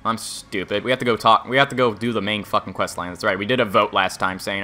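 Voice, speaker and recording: A man's voice: lowish voice, fairly even intonation, fast, few pauses, pushed and bright, soft background music. A man streaming a game, chatting casually with viewers in a crude, rambling, joking way. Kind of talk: casual livestream gameplay commentary.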